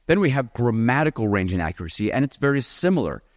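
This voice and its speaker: A man teaching a live seminar on the speaking exam, lively and encouraging, talking straight to his audience. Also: medium pitch, quick pace, dry recording, clean studio sound. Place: event hall with audience.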